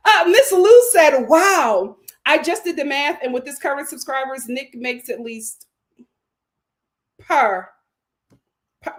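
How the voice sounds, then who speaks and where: A woman hosting a casual livestream, reading viewer comments aloud, laughing often and bursting into loud outbursts. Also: high-pitched, lively intonation, a little slow. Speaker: livestream host reading super chats.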